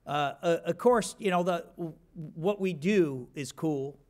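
A man's voice: fairly high pitch, a little slow, a little mellow. A man in his fifties giving a rambling, self-deprecating acceptance speech with many restarts.

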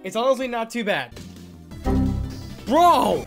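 A woman giving casual gameplay commentary, self-mocking and animated, swinging between groans and cheers. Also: fairly high pitch, normal speed, over music. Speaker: gaming YouTuber.

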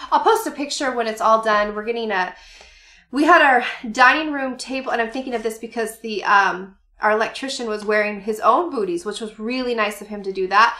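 A woman's voice: a little high, pushed and bright, echoey room. A woman in her forties chatting casually to camera at home, rambling through a shopping haul with many fillers and laughs. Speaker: vlogger showing a shopping haul.

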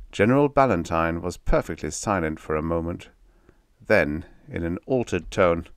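Deep-voiced man narrating an audiobook. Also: dry recording, clean studio sound. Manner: steady, measured storytelling.

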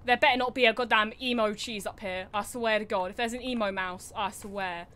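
A woman's voice: mid-range voice, fairly even intonation, brisk, a bit bright. A young woman streaming a horror game from her desk at home, chattering anxiously, mocking herself and breaking into sudden screams. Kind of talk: live game commentary.

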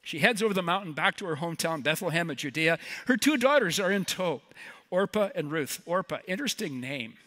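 A man's voice: fairly high pitch, animated, fairly quick, bright, forceful tone. A man preaching a sermon as a guest speaker, conversational and joking with the congregation in between. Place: church sanctuary.

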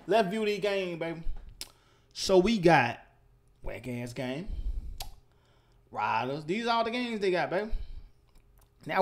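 A young man rants in a casual gaming vlog. His pitch swings wide, jumping from low grumbles to high outbursts. He is profane and animated, with sudden loud bursts. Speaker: gaming vlogger.

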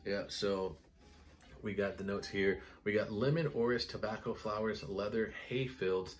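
A man casually reviewing perfumes in a vlog, excitable and rambling, full of "like" and "guys". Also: lowish voice, a little slow, a little hiss or hum. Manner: excitable, enthusiastic, rambling with many "like"s. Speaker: fragrance reviewer.

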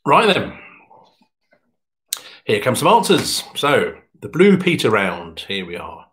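A man hosting an online pub quiz, reading answers in a chatty, jokey way. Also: a bit bright. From England. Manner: chatty, jokey, pitch jumps up when announcing. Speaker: quiz host.

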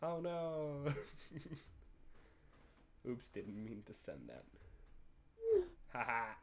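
A man's voice: lowish voice, sing-song, slow pace, gravelly, pushed and bright, slight background noise. A young man casually commenting on a texting game, rambling and joking with frequent swearing and laughter. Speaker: gaming YouTuber. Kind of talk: casual let's play commentary.

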